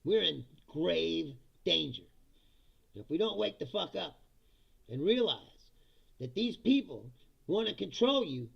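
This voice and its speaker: A man's voice: high voice, sing-song, normal speed, gravelly, pauses often, breathy edge, highs cut off. A man hosting a live-stream, talking in a blunt, profane, ranting way and often laughing between remarks. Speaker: live-stream commentary host.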